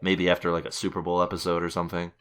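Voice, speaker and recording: A man's voice: low voice, completely flat delivery, very fast, a bit bright, clear, resonant tone. A young man hosting a casual podcast, rambling and jokey as he goes through the news. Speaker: podcast host. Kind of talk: casual chat.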